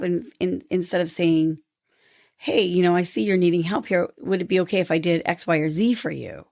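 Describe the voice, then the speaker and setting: A woman co-hosting a podcast, telling a story earnestly and lively when she quotes people. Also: lowish voice, moderate pace, vocal fry, dry recording, studio quality. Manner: earnest storytelling, animated when quoting others. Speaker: podcast co-host. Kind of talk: casual conversation.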